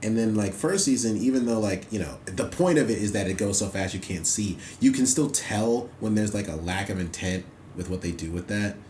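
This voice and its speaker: A man's voice: fairly low pitch, a little fast, few pauses, a little hiss or hum. A man hosting an anime reaction, chatting casually and rambling with lots of fillers. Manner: loose, rambling, heavy on fillers like "like" and "you know". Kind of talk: casual commentary while watching. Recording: roomy echo with loud soundtrack music behind.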